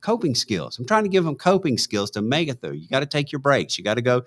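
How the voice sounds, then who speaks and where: A man's voice: mid-range voice, fast talker. A middle-aged man, chatting on a panel and telling stories, getting worked up as he goes. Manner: animated storytelling, gets worked up. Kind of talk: casual panel chat.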